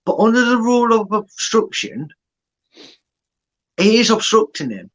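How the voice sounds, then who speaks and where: A man's voice: high-pitched, very animated, unhurried, fairly bright tone, muffled recording. A man co-hosting a live watchalong, analysing a match in rambling talk full of restarts. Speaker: fan channel co-host.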